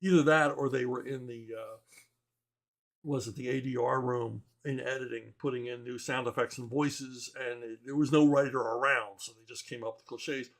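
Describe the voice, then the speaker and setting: A man's voice: mid-range voice, fairly even intonation, moderate pace. Chuckling, blunt, rambling man. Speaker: comic book writer answering viewer questions. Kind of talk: casual opinionated chat.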